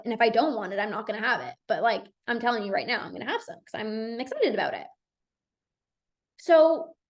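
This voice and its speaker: A young woman hosts her own podcast as a binge eating coach. She talks in a loose, chatty way and fills her sentences with "like". Her voice sits a bit high, and her tone is reassuring. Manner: chatty, says "like" a lot, reassuring. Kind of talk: solo podcast talk.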